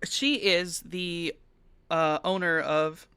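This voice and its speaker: A game master lays out the details for the players in a loose, rambling way. The voice is bright and crisp. The recording is dry and close. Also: medium pitch, fairly even intonation, takes it slowly, dry recording. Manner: rambling, filler-heavy, conversational. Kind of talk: describing scenes for players.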